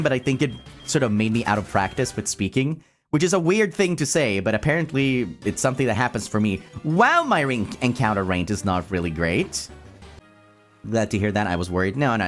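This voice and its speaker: A man chatting casually on a home stream, his pitch jumping around as he talks. He reads chat out loud and laughs often. Faint background music plays under his voice. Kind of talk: casual chat while gaming.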